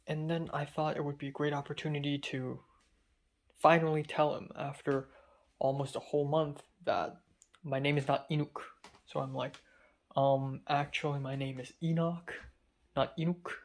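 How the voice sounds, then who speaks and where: A man's voice: a little high, level tone, moderate pace. A young man, a college student, talking through a casual spoken diary while feverish and dizzy, rambling with many fillers and restarts. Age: young adult. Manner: rambling and hesitant, full of fillers.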